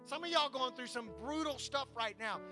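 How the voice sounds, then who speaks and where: A man's voice: very high-pitched, moderate pace, over music. A pastor preaching a sermon to his congregation, emphatic and repeating his points.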